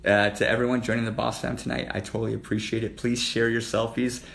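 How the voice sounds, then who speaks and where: A man's voice: mid-range voice, flat delivery, fast, gravelly, a bit bright. A man hosting a livestream, flirting with viewers and calling them out by name, sometimes dropping to a murmur. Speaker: livestream host.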